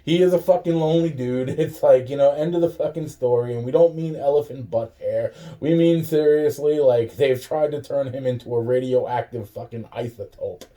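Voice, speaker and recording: A man's voice: mid-range voice, normal speed, few pauses, dark tone. A young man rambling to camera in a profane, laughing monologue full of restarts. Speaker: vlogger.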